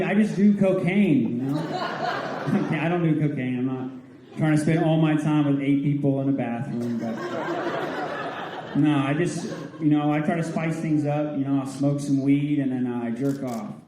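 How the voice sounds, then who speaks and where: A man's voice: fairly high pitch, normal speed, a crowd in the background. Laid-back young male stand-up comic. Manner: laid-back stoner storytelling, deadpan punchlines. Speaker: stand-up comedian. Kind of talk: stand-up comedy set. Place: theatre stage with audience. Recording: roomy theatre live recording. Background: audience laughter.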